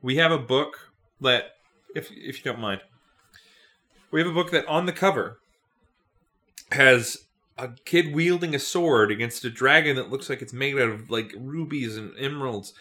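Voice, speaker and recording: Bright, wry male podcast co-host. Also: mid-range voice, normal speed, long pauses. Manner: wry, swears freely, riffs on the book. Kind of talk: casual comedic chat.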